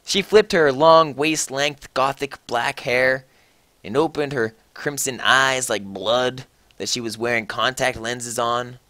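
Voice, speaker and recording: A man's voice: medium pitch, slow, no room sound. A young man giving a mocking dramatic reading of a story, full of sarcastic asides. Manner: sarcastic asides, shifting between flat and loud. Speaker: comedic reader.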